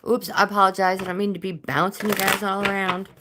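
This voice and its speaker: A woman's voice: mid-range voice, little pitch movement, fast, noisy background. A woman hosting a live-stream tarot reading, chatting with viewers by name and reading out card meanings in a casual way.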